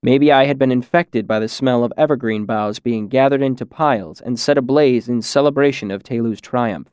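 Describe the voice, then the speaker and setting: A man reading a first-person story aloud in a measured way, dropping quieter on the darker lines. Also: mid-range voice, clean tone, dry recording, clean studio sound. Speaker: audiobook narrator. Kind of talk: scripted first-person narration.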